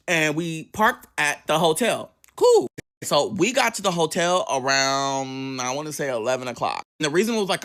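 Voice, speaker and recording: A man telling a story from his own life in a casual monologue, animated and dramatic, with constant swearing. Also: fairly high pitch.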